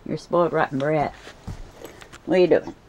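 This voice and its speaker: A woman's voice: deep voice, brisk, darkish tone, slight background noise, rough recording. A woman at home at night, filming with a handheld camera as she coos at and scolds her pets in a sing-song voice, then talks to the viewers. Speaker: pet keeper vlogger. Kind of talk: casual talk to her pets while filming.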